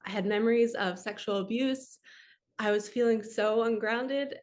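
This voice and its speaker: A woman's voice: a little high, normal speed, darkish tone. A woman hosting a spiritual talk, telling a personal story in an earnest, heartfelt, chatty way. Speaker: spiritual podcast host.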